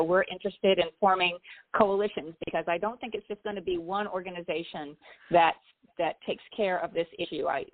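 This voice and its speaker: Female guest expert, measured and thoughtful, thin phone-line audio. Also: on the low side. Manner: measured, thoughtful, with some hesitations. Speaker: guest, association president. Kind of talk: interview answers.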